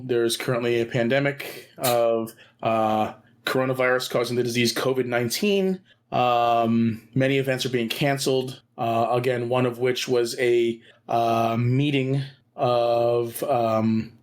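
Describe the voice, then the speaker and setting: Halting man reading podcast news. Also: medium pitch. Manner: halting, heavy on fillers.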